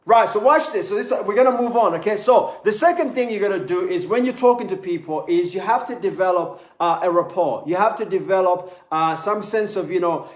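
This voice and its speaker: A man giving a live online sales lesson in an animated way, repeating words as he talks. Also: high-pitched, brisk, hardly any pauses. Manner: animated, acts out little voices, repeats words. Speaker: sales trainer. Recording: echoey room.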